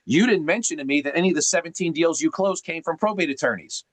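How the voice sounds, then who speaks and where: A man's voice: a little high, quick pace, dry recording. A man coaching someone on a video call, emphatic and teacherly, asking rhetorical questions as he explains.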